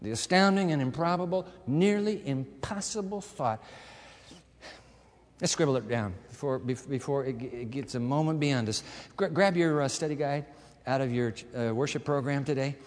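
A man preaching a sermon as pastor in a church, moving between quiet asides to the congregation and loud, emphatic passages. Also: medium pitch, moderate pace, in a large hall. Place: church sanctuary with a balcony.

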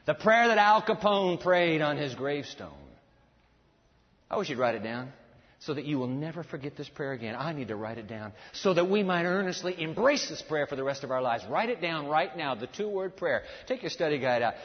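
A man preaching a sermon to a large congregation, swinging from loud exclamations to hushed, low asides. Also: long reverb tail, dull audio. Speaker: pastor. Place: large church with balcony.

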